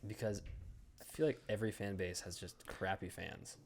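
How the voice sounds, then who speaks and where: A man's voice: lowish voice, normal speed, vocal fry. A young man co-hosting a casual sports podcast, blunt and joking, with slangy banter. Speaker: podcast co-host.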